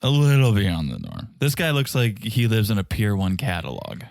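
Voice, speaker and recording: A man's voice: lowish voice, very animated, normal speed, gravelly, no echo, clean studio sound. A man co-hosting a podcast, wry and teasing in casual chat. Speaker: podcast co-host.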